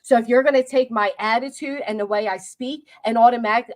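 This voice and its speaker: Brief: abrasive middle-aged woman from Philadelphia with a Philly accent, slightly high voice, loud and profane streamer rant. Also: steady tone, fairly quick, hardly any pauses. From Philadelphia, USA. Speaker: livestream host. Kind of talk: heated livestream rant.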